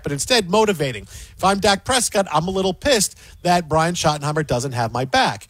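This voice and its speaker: A man's voice: a little high, lively intonation, fairly quick, husky, no room sound. A man hosting sports talk radio, ranting emphatically and mocking what others say.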